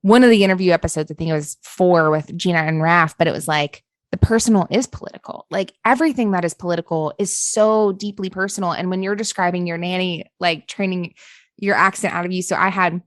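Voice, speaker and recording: Speaking briskly in a lowish voice with fairly even intonation, this Appalachian podcast host conducts an interview. She's earnest and casual, says "like" constantly, drops an occasional swear word, and the audio has no echo.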